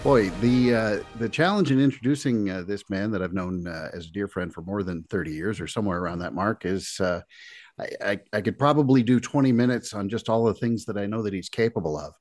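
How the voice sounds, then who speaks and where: A man's voice: on the low side, fairly quick, no room sound, faint music behind. A middle-aged man co-hosting a podcast, chatting casually with many fillers and reading a scene aloud. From Wisconsin. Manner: relaxed, hesitant with many fillers, joking. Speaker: podcast co-host. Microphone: video call.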